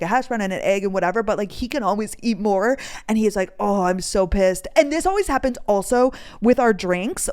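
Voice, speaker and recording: A woman's voice: medium pitch, clear, resonant tone. A young woman hosting her own podcast, telling a rambling everyday story in a chatty way, swearing freely and acting out what people said. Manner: chatty, swears freely, lively quoting of others. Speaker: podcast host. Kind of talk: casual storytelling monologue.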